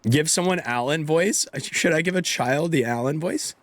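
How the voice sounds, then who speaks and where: A man's voice: fairly high pitch, moderate pace. A man streaming a game live, joking and commenting casually. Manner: joking, laughing, animated.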